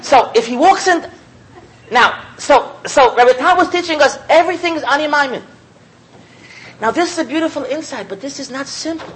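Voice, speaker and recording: A man giving a Torah talk as a sermon, an animated storyteller who repeats phrases and chuckles often. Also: very high-pitched, moderate pace, slight background noise, rough recording. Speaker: Torah teacher.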